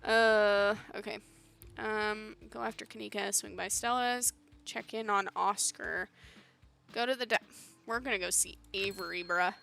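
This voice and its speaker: A woman's voice: mid-range voice, fairly even intonation, a little slow, gravelly, bright, forceful tone, soft background music. A woman streamer reading a story game's dialogue aloud live, putting on character voices and chatting between lines. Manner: chatty, reads dialogue aloud, self-commenting. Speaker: streamer playing a narrative game.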